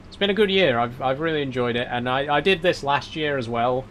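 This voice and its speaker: A young man from South Yorkshire, England, chats on a game live stream in a medium-pitched, slightly bright voice, talking a little fast over slight background noise. He reads chat aloud, laughs a lot and swears casually.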